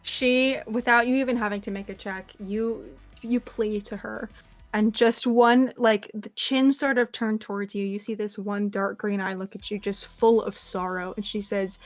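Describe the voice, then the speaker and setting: A woman's voice: medium pitch, steady tone, normal speed, dry recording, faint music behind. Woman game master, descriptive tabletop narration, dry close sound. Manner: vivid descriptive narration with fillers.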